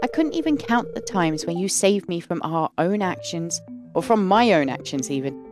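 A woman reading the lines of a gentle, devoted old husband in a farming game, in a kindly, reassuring way. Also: lowish voice, animated, normal speed, music in the background, close to an everyday voice. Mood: comforting.

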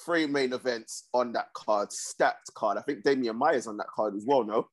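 A man, his voice at an ordinary pitch. He talks in laid-back, slangy banter and holds his ground in arguments. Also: moderate pace. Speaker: podcast co-host. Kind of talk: casual banter.

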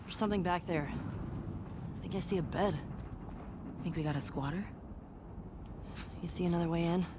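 An actress voicing a young adult woman survivor in a video game, talking quietly and warily. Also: fairly low pitch, normal speed, noisy background, close to an everyday voice. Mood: wary.

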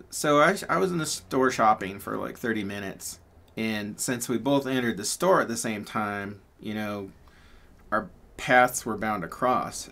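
A man's voice: lowish voice, a bit bright. A man telling a story casually, rambling and chatty, with lots of fillers and laughs. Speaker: pyrography channel host.

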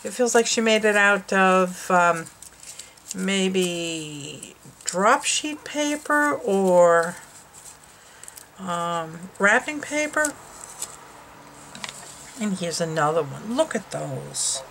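Woman host, casual unboxing vlog; gushy and exclamatory, unhurried, slightly high, light room hiss. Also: animated, fairly bright tone, low-quality recording. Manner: gushing, exclaims often. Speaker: craft channel host. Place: her home.

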